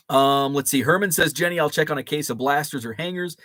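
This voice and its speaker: A man's voice: a little high, moderate pace, fairly bright tone, no echo. A man, hosting a casual live chat and reading viewer comments with many fillers and restarts. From Chicago area. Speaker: host.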